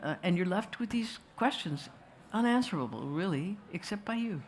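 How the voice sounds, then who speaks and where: A woman's voice: mid-range voice, lively intonation, moderate pace. Wry digressive woman telling a story. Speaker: filmmaker answering questions. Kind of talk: storytelling talk to an audience. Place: festival venue with audience.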